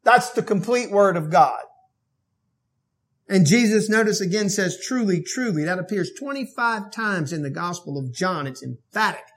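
A male pastor preaching a sermon, moving between quiet verse-by-verse teaching and loud, emphatic exhortation. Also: high voice, lively intonation, normal speed.

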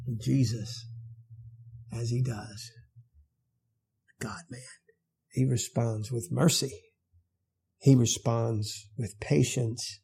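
A man's voice: mid-range voice, fairly even intonation, takes it slowly, creaky, pauses often, warm tone, husky. A male pastor preaching an expository sermon in a conversational way, often asking his listeners questions.

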